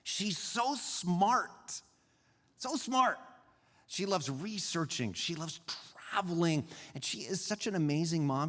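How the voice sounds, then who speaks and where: Animated pastor in a reverberant hall. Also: male voice, fairly high pitch. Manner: animated, teaching with pauses and emphasis. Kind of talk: sermon. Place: church sanctuary.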